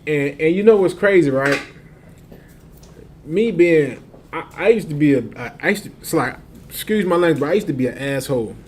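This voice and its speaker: A man with a fairly high voice tells a story in loose street slang, laughing as he goes. A faint hiss sits under his voice. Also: lively intonation, normal speed, a little mellow. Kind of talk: casual storytelling.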